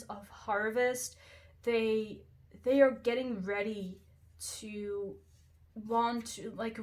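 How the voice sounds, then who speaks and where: A woman hosting a pick-a-card tarot reading, talking straight to the viewer in an effusive, reassuring way and often exclaiming over the cards. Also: fairly high pitch. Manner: warm, reassuring address to the viewer. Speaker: tarot reader, channel host.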